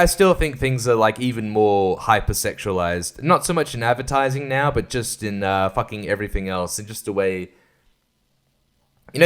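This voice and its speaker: A man's voice: on the low side, fairly bright tone, smooth. A man hosting a casual solo podcast, rambling and crude, swearing and laughing often. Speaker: podcast host.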